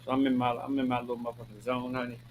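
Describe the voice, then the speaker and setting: A man's voice: medium pitch, level tone, racing, a little hiss or hum, low-quality recording. A man from Maryland hosting his own show, talking casually to his viewers in a sassy, flamboyant way, calling them honey and girl and swearing freely. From Maryland, USA. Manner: preachy and emphatic, repeating lines for effect. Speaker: host. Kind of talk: casual talking-head monologue.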